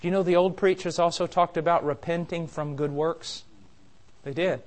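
A man preaching a sermon with passion, building to loud urgent peaks and dropping to quiet, intense warnings. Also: a little high, fairly even intonation, normal speed.

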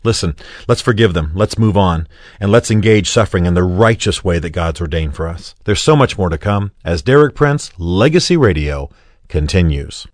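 A man hosting a religious radio program, speaking in a gentle, personal, encouraging way. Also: low voice, expressive, moderate pace, no room sound, clean studio sound. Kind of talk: reflective radio commentary. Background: soft music.

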